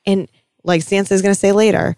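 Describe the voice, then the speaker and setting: A woman co-hosting a casual TV recap chat, talking in an animated, gushing way with some swearing. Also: medium pitch, fast talker, vocal fry, no room sound. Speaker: podcast co-host.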